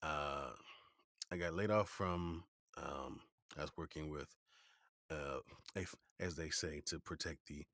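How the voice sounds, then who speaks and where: Male voice actor, very low pitch, dry booth sound; animated storyteller. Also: unhurried, vocal fry, no room sound. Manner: animated storyteller who slips into playful voices for quotes. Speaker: voice actor guest. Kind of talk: relaxed interview storytelling.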